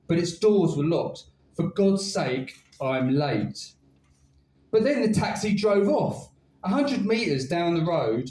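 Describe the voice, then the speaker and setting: A man's voice: a little high, darkish tone. A man performing comic spoken word poetry at a live night, telling his story with a wry, dry delivery. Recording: roomy live venue, distant mic.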